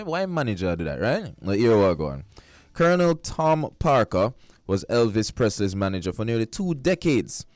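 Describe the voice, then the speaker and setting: Low-voiced Jamaican man on radio. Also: darkish tone, no echo, studio quality. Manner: playful, upbeat. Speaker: radio co-host. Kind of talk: radio banter and reading a fun fact.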